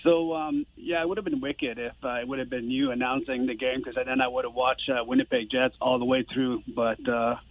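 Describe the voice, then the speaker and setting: Gravelly caller on a phone line. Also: male voice, medium pitch, fairly quick, few pauses. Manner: excitable, giggly, heated rising outbursts. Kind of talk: phone-in chat.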